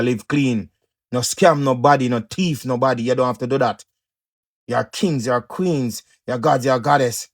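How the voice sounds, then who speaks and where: A man with a gravelly Jamaican Patois voice delivers a preachy motivational talk. He repeats himself for emphasis, pushing some phrases out loud and dropping others to a murmur. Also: mid-range voice. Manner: emphatic, repetitive, swings loud and soft.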